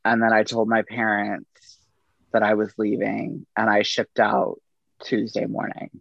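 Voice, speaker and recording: A middle-aged man, a podcast guest, telling personal stories in a relaxed, casual way, acting out the people he quotes. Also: lowish voice, a little slow, vocal fry, dry recording, lo-fi sound. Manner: relaxed anecdotal delivery with quoted dialogue. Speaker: podcast guest, army veteran. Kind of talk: casual storytelling.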